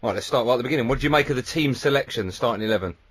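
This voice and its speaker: A man hosting a talk radio show, putting brisk, leading questions to a guest. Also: mid-range voice, husky. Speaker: radio host.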